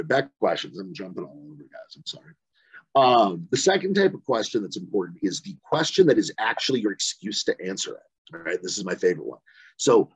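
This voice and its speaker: A man with a lowish, slightly breathy voice leads a casual online training for phone-banking volunteers from a room at home. His talk is conversational and rambling, full of fillers and "right?" checks. Recorded on a video call mic, it sounds dry and lo-fi.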